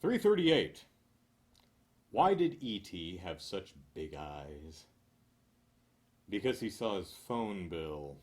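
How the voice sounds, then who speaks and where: Slow deadpan man reading jokes. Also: low-pitched. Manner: deadpan, dry asides, chuckles at own jokes. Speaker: joke reader. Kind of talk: reading jokes aloud with asides.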